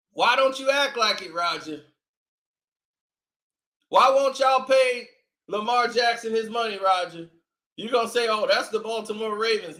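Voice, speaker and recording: A man's voice: sits high, pushed and bright, echoey room. A man giving mocking reaction commentary on a video clip, sarcastic and laughing often between remarks.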